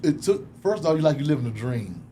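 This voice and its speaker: A middle-aged man, an interview guest telling candid stories, often laughing and acting out quotes in a higher voice. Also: big pitch swings, fairly quick, warm tone, slight background noise. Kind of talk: candid conversational storytelling.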